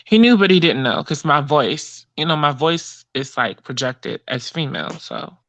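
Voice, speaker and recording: A woman's voice: deep voice, sing-song, normal speed, a bit bright. A woman co-hosting a live call-in chat show, telling a story in a chatty, rambling way with lots of fillers. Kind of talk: casual chat.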